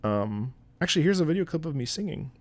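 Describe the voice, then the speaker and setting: A man's voice: fairly high pitch, very animated, quick pace, no echo. A man who streams and sings opera, telling a rambling story in casual chat with his audience, with lots of swearing and filler words.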